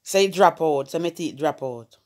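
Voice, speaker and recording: A woman's voice: low-pitched, animated, normal speed, a little mellow. A young adult woman with a Jamaican accent, chatting casually at home in a family vlog, coaxing and laughing as she mixes patois, English and French. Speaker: family vlogger.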